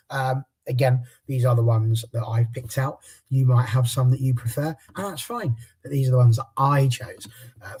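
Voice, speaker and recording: A man's voice: mid-range voice, a little mellow. A man hosting a casual podcast panel. He reads out a transfer rundown in a jokey, chatty way and stumbles over foreign names. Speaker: podcast host.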